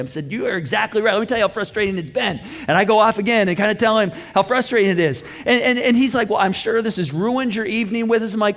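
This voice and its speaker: Animated high-voiced male pastor preaching. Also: fairly quick, few pauses, in a large hall. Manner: animated storytelling, acts out dialogue. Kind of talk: sermon. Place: church auditorium.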